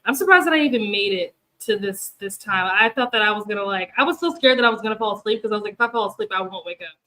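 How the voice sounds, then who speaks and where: Chatting quickly and rambly to her livestream viewers, a tired young woman hosting booktube reading sprints laughs often and uses many fillers. Her mid-range voice is bright and forceful with lively intonation. It's a low-quality recording.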